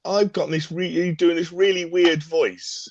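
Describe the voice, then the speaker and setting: A man co-hosting a casual live-stream chat, teasing and quick to laugh. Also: on the high side, fairly even intonation, dry recording, highs cut off.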